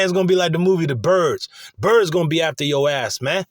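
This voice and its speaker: Excitable, profane man preaching. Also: fairly high pitch, normal speed, dry recording, clean studio sound. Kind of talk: profane casual sermon.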